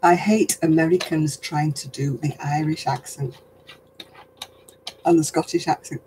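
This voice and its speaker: Chatty older man, slightly high voice. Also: fairly even intonation, unhurried, pauses often, a little mellow, slight background noise, rough recording. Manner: rambling, chatty, laughs often. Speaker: host. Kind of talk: casual livestream chat.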